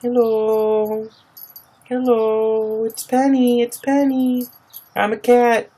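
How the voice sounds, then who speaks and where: A man voicing his pet cat in a high, cooing baby-talk voice. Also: level tone, slow, mellow.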